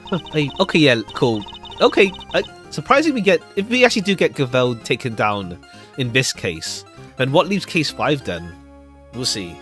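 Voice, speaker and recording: A man's voice: mid-range voice, sing-song, moderate pace, a bit bright. A man casually commenting while reading through a game, chatty and rambling, laughing often. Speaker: streamer playing a game. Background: background music.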